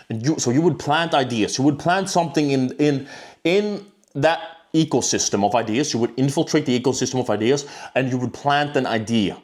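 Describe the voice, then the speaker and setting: Talking straight to the camera, a man delivers a blunt, profane self-improvement rant in a casual monologue. His voice is middle-pitched with a darkish tone, and he keeps doubling back to restart sentences.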